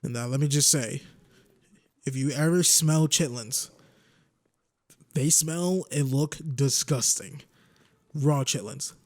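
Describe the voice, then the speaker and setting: A man's voice: mid-range voice, slow pace, pauses often, darkish tone. A man in his twenties rambling and joking as he commentates a video game. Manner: rambling, joking, talks to himself. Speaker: gaming YouTuber.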